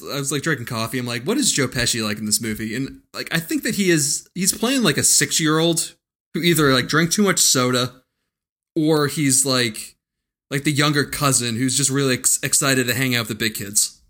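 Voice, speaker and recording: A man's voice: medium pitch, expressive, fairly quick, fairly bright tone. A man co-hosting a casual movie podcast, joking crudely and recapping the plot. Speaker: podcast co-host.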